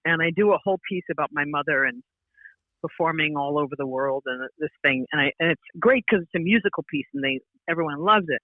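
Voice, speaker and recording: A woman's voice: deep voice, quick pace, no room sound. Woman comedian on a tinny phone line. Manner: rambling, animated storytelling with frequent restarts and laughs. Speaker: comedian guest. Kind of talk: casual podcast chat.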